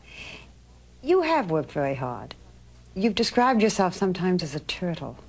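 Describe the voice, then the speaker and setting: A woman narrating and interviewing for a television news program, with a measured, formal delivery. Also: on the low side, sing-song, husky. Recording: narration over background music.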